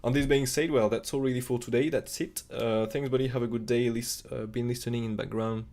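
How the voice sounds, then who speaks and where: Fast-talking gravelly male crypto streamer. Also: medium pitch, steady tone, a little mellow. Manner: fast, rambling, non-native phrasing with fillers. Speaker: crypto chart analyst streamer. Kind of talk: live-stream technical analysis chat.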